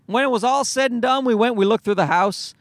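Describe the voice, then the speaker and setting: A man's voice: extremely high pitch, brisk, no room sound. A man telling a story to his viewers as a profane, exasperated rant. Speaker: vlogger. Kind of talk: ranting storytime.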